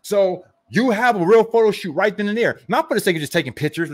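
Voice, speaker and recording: A man who coaches network marketing gives an animated, emphatic motivational rant, firing rhetorical questions at the listener and mocking hype. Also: sits high, fast talker.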